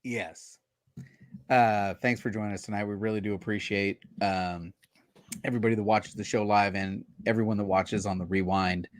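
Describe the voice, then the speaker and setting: A man co-hosting a casual chat show, reading out sales figures in a relaxed, bantering way. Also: lowish voice, moderate pace, dry recording, studio quality. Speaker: co-host.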